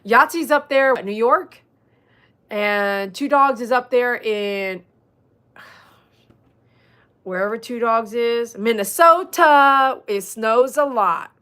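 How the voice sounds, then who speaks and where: A woman's voice: fairly high pitch, slow pace, pauses often, smooth. Chatty Southern woman hosting a livestream. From Texas. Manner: animated, swings into loud mock outbursts, then soft and earnest; chatty, reads out viewer comments, uses y'all. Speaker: dog groomer livestreaming to viewers. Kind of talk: casual livestream chat.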